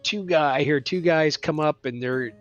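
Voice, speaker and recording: A man's voice: fairly high pitch, normal speed, faint music behind. A man playing a tabletop game, telling his side in a wry, casual way. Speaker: player. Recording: dull, lo-fi sound.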